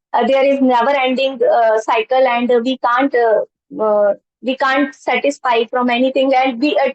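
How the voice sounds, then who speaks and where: A woman's voice: high-pitched, no echo. Hesitant woman, muffled call audio. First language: not English. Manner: halting, many fillers and restarts. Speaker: class participant. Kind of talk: spontaneous practice speech.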